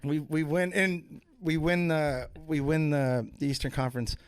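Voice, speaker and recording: A man's voice: fairly high pitch, steady tone, unhurried, smooth, no room sound. A man on a podcast, telling rambling, profane stories in a casual way and switching voices for the people he quotes. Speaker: podcast guest. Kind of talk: casual storytelling.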